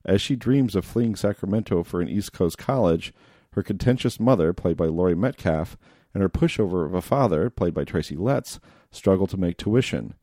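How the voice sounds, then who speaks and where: A man hosting a film podcast, reading a measured, articulate introduction, then leading a casual talk. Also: low-pitched, expressive, mellow, no echo, clean studio sound. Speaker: podcast host.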